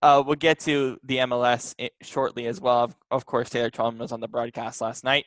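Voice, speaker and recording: A man co-hosting a casual sports podcast, his voice sitting at a middling pitch. He rants with animated exasperation, and the recording is dry and close with no room sound. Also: a little fast, no room sound, low-quality recording. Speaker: podcast co-host.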